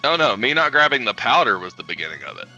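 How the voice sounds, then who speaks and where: A man player quickly owning up to a mistake in casual post-game chat. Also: medium pitch, big pitch swings, bright, forceful tone, highs cut off, faint music behind. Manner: quick, self-blaming.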